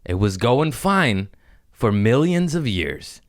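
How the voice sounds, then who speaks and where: A man's voice: medium pitch, slow. A man hosting a casual comedy podcast, rambling and swearing as he riffs from topic to topic. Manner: rambling, profane, animated riffing. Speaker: podcast host.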